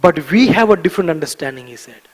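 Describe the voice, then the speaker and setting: A man giving a devotional morning class in a temple, emphatic and animated, repeating key words for stress and often chuckling. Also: fairly high pitch, fast talker, in a large hall, rough recording. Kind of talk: devotional lecture. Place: temple hall.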